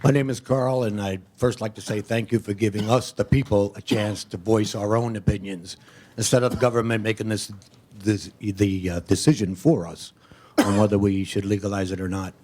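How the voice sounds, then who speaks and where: A man's voice: fairly low pitch, fairly even intonation, moderate pace, a little mellow. A man in his seventies giving a plainspoken, casual public comment at a meeting. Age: 70s. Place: meeting hall.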